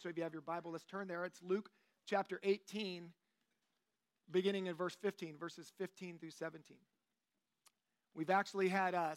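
A man in his late forties giving a relaxed, joking sermon to a church group in a conversational way, with plenty of fillers. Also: high voice. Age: 40s. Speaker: lay teacher. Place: church meeting room.

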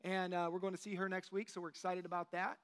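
A man nearing fifty leads a church group study with an easygoing, joking delivery full of fillers. His voice sits high for a man. He talks like he's chatting with friends while teaching. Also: fast, clean tone. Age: 40s. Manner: relaxed, joking, conversational preaching with fillers. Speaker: lay teacher. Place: church meeting room.

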